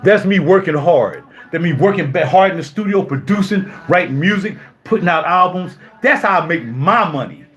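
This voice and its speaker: A man's voice: sits high, lively intonation, moderate pace, hardly any pauses, fairly bright tone, soft background music. A man in his fifties ranting on a live stream. He sounds indignant, repeats himself and fires off rhetorical questions. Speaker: YouTuber. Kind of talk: heated live-stream rant. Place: home music studio.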